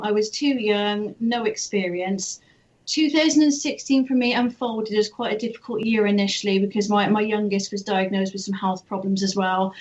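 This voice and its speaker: A woman's voice: medium pitch, lo-fi sound. A woman with a Gloucestershire English accent, a clairvoyant guest chatting casually and laughing often. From England. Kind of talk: casual interview chat.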